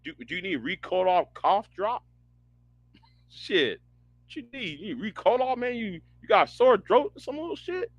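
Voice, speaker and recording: A man hosting a livestream, ranting casually in a profane, animated way, often stammering and restarting his words. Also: high voice, moderate pace, no echo. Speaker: livestream host.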